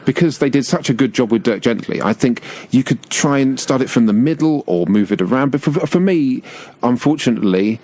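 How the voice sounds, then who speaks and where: A man's voice: medium pitch, expressive, fairly quick, hardly any pauses, a little mellow. A man, a guest on a local radio show, rambling playfully off on tangents in casual chat. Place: radio studio. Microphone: studio microphone.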